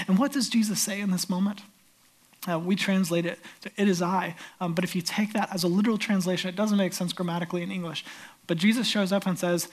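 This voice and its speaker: A pastor delivering a sermon, telling the story with animated swings between loud emphasis and hushed, near-whispered lines. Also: male voice, high-pitched, fairly quick.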